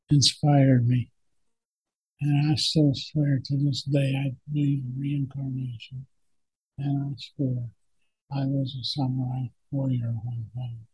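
A man's voice: medium pitch, mellow, slightly rough, dry recording, rough recording. An older man, a veteran, reflectively recalling his wartime service in a plainspoken oral history telling.

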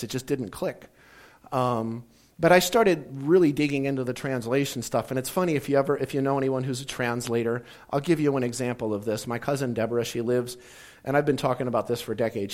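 A man giving a casual teaching talk, rambling through stories and acting out little bits of dialogue with jokes. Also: mid-range voice. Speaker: speaker teaching about Bible translation.

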